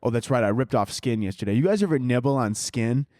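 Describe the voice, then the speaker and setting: In a clean studio recording free of room sound, a man with a mid-range, somewhat dark voice speaks fast and expressively. He's running his own podcast alone, gripping a handheld mic as he drifts through casual, crude, joke-filled tangents.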